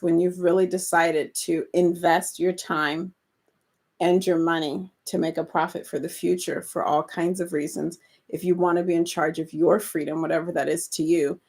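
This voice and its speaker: A woman co-hosting a casual chat about remodeling investment properties, agreeable and quick to laugh. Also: on the low side, a little mellow, slightly rough. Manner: encouraging, agreeable, laughs often. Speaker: co-host.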